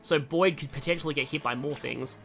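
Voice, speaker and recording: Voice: mid-range voice, brisk, vocal fry, a bit bright, soft background music. A young adult streamer giving casual, rambling gameplay commentary, often breaking off mid-sentence. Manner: rambling, chatty, self-interrupting. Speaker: gaming streamer.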